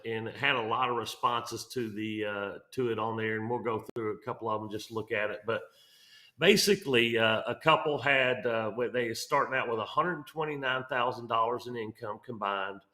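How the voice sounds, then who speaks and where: Bright-voiced rambling man in an echoey room. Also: medium pitch. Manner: rambling, many fillers and restarts. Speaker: mortgage segment regular on a real estate show. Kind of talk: casual podcast explainer.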